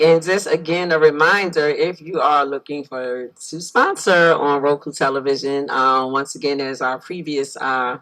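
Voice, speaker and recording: A woman's voice: deep voice, steady tone, normal speed, hardly any pauses, a bit bright, rough recording. Friendly woman talk show host. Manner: friendly, gives frequent backchannel replies. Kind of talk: casual interview chat.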